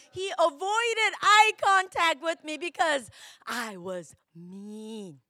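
A middle-aged woman pastor delivers an emotional, confessional sermon, her voice swinging widely and climbing into shouts at its peaks. The sound is dry and close. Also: extremely high pitch, lively intonation, slow pace, no room sound.

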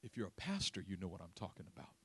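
With a low, slightly rough voice and a racing pace, a man preaches as a pastor, spinning humorous, animated stories and laughing through them.

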